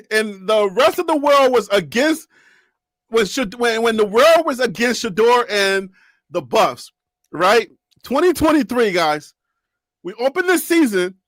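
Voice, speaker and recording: A woman hosting a casual live sports talk show, animated and laughing often as she teases her co-hosts. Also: fairly high pitch, no room sound, studio quality.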